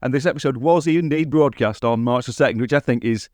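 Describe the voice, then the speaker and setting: A man's voice: medium pitch, fast, no room sound. A man co-hosting a podcast in casual chat, making wry, dry remarks. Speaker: podcast co-host.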